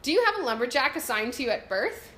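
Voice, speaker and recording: A woman's voice: sits high, big pitch swings, fast talker, a bit bright, slight background noise. A young Canadian woman with a Canadian accent, chatting casually and giggling as she answers viewer questions about her home country. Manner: chatty, giggly, self-deprecating. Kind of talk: casual chat. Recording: echoey room.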